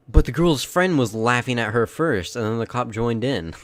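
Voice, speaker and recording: A man's voice: medium pitch, brisk, hardly any pauses. A man hosting a casual video commentary, talking through clips in an opinionated way and mimicking the people he quotes. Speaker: commentary host.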